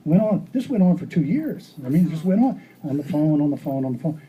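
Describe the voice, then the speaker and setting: A man giving an art talk, telling stories in a rambling, animated way and acting out dialogue. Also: a little high, brisk, muffled recording, slight background noise. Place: gallery or hall.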